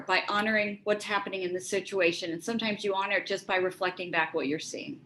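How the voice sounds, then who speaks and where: A woman's voice: medium pitch, fast talker, few pauses, fairly bright tone, low-quality recording. A woman leads a workshop talk over a video call, earnest and reflective in tone. Her voice sits in the middle of the range, and she slips into little acted lines of dialogue as she explains. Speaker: speaker on resilience and relationships.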